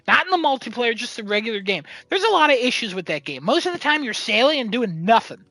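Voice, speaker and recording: A man's voice: very high-pitched, big pitch swings, quick pace, bright, forceful tone, dry recording. A young man hosting a podcast, chatting casually and telling rambling, profane, jokey stories. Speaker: podcast host. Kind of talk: casual chat.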